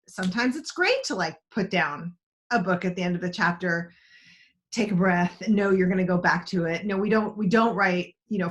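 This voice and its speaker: A woman leads an online writing class over a video call. Her talk is loose and conversational, full of restarts and side remarks. Her pitch sits in an ordinary middle range. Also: a bit bright. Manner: chatty, rambling, many restarts. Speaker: writing teacher.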